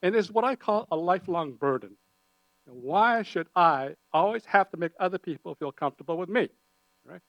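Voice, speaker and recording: A man speaking on a panel discussion, animated and engaging the audience with humor and questions. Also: high voice, moderate pace, poor audio. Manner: animated, audience-engaging, uses put-on voices for quoted people. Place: conference hall.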